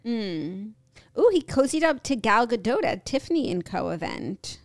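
A young woman co-hosting a casual chat podcast, relaxed and wry, often giving short reactions. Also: a little high, moderate pace. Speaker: podcast co-host.

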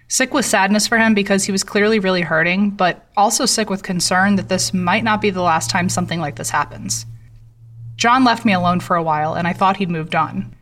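A young woman tells a first-person story in a steady, measured voice. Her tone is bright and crisp, and her pitch is middling for a woman. She sits a little back from the microphone. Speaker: narrator. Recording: voice slightly distant from mic.

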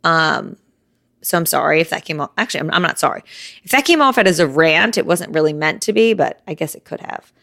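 A woman's voice: low-pitched, lively intonation, a little fast, creaky, a bit bright, dry recording, clean studio sound. A young woman hosting her own podcast, talking candidly and a bit out of breath, with frequent "like.". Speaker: podcast host. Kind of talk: casual solo podcast talk. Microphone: phone.

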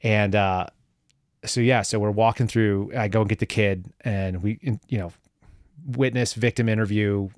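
Low-voiced man telling war stories. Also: fairly even intonation, normal speed, no room sound, studio quality. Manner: rambling, filler-heavy, wry. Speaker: guest, former government analyst. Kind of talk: casual storytelling interview.

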